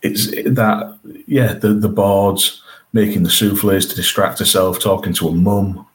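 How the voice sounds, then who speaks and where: A man's voice: sits low, steady tone, unhurried, rough recording. A man co-hosting a podcast, chatting eagerly about a TV episode and often restarting his sentences. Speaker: podcast co-host. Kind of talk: casual chat reviewing a TV episode.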